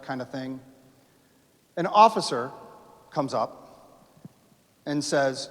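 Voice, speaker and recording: A man giving a storytelling history lecture to a live audience in a lecture hall, animated, acting out quotes and asking the audience questions. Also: medium pitch, normal speed, long pauses. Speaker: history speaker. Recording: reverberant hall.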